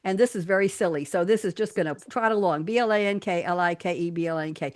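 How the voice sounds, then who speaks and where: A woman's voice: lowish voice, fast talker, hardly any pauses. An older woman hosting a live radio talk show, reading quotes and poems aloud in a playful, theatrical way and laughing often. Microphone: studio mic.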